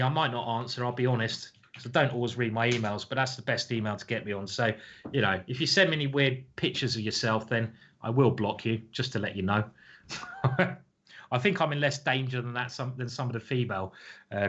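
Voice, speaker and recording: A man's voice: medium pitch, a little fast, fairly bright tone, lo-fi sound. A man in his forties chatting casually to his live-stream viewers as a chess commentator, rambling and jokey, often chuckling at his own stories. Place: home streaming setup.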